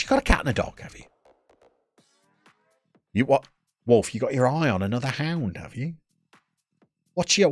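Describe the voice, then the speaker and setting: A man's voice: mid-range voice, no echo. A man in his thirties from England chatting casually and teasing viewers while he streams a game from home. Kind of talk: casual live-stream chat.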